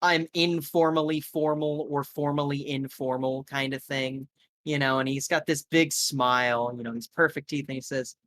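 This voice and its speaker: A man's voice: a little high, fairly even intonation, moderate pace, a bit bright, no room sound. A man narrating a tabletop game as game master, rambling casually with lots of fillers.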